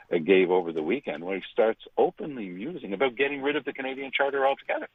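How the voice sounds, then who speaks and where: A man's voice: husky, no room sound. Older male pundit, indignant and emphatic, dry phone-line sound. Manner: emphatic, indignant, swings pitch widely for stress. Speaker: radio commentator. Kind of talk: opinionated radio commentary.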